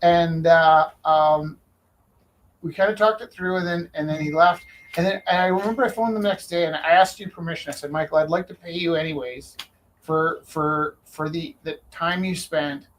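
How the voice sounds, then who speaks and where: Halting male stream host, slightly high voice. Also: low-quality recording. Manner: halting, many restarts and fillers. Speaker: host and auctioneer. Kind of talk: casual live-stream storytelling.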